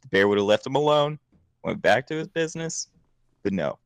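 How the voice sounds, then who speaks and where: A man's voice: mid-range voice, a little fast, clear, resonant tone, no room sound. A man co-hosting a casual gaming podcast, telling stories with swearing and lots of energy. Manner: animated, swearing storyteller. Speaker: podcast co-host.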